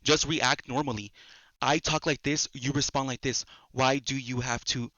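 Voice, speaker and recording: A man's voice: medium pitch, steady tone, moderate pace, bright, forceful tone, dry recording, dull audio. A young man hosting a casual solo podcast at home, often repeating words and restarting his sentences. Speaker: podcast host. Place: at home in a busy house.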